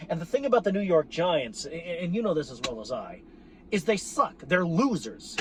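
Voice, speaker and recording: A man's voice: a little high, sing-song, moderate pace, a bit bright, breathy edge. A man venting in a profane, exasperated monologue about his team, sarcastic and repeating himself for emphasis. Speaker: sports fan vlogger.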